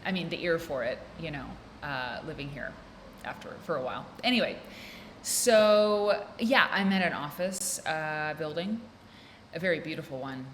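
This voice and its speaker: A woman's voice: deep voice, lively intonation, normal speed, slight background noise. An American woman hosting a casual solo chat, rambling and interrupting herself as she talks from an office room. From United States. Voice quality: rambling, chatty, self-interrupting. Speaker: podcast host. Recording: roomy echo with faint ambience.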